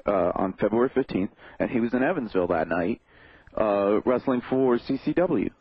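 A man's voice: on the low side, expressive, moderate pace, breathy edge, dry recording, phone-quality sound. A man hosting a radio talk show, easygoing, with brief replies while his guest talks. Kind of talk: casual radio interview.

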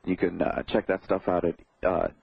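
A man's voice: low voice, little pitch movement, moderate pace, creaky, breathy edge, no echo, dull audio. A man hosting a radio talk show, easygoing, with brief replies while his guest talks. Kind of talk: casual radio interview.

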